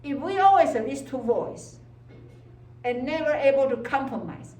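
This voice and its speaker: Heard from afar in an echoey classroom, a woman with a high, warm, animated voice lectures on psychology at normal speed. She uses non-native English grammar, frequently asks "okay?", and dramatizes inner voices.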